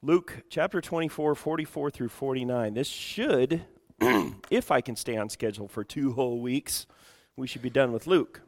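A middle-aged male pastor preaching a sermon, clearing his throat often from allergies. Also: medium pitch, moderate pace, big-room sound. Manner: prays softly, then preaches louder with frequent throat clearing. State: congested from allergies.

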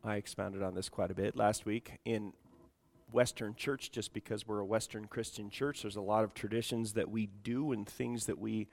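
A middle-aged male pastor preaching a sermon, clearing his throat often from allergies. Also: fairly low pitch, steady tone, normal speed, long reverb tail. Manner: prays softly, then preaches louder with frequent throat clearing. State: congested from allergies.

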